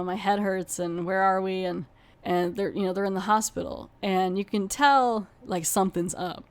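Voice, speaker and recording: A woman's voice: medium pitch, a little mellow. A woman hosting a podcast, chattily retelling a television episode with many fillers like "you know". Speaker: podcast host. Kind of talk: casual plot retelling.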